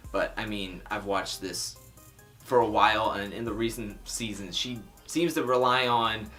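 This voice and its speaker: A man talks through a reality show episode in a loose, chatty vlog style, tossing off sarcastic asides. His voice sits at a middling pitch, and faint music runs underneath. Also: fairly bright tone. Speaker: TV recap vlogger. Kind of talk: casual recap commentary.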